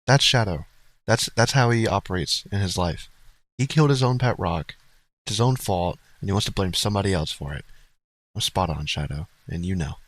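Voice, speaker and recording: A man's voice: sits low, a little fast, dry recording. A man hosting a live stream, cracking wry jokes and talking to his chat between arguments. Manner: wry, joking asides to chat. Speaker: streamer host.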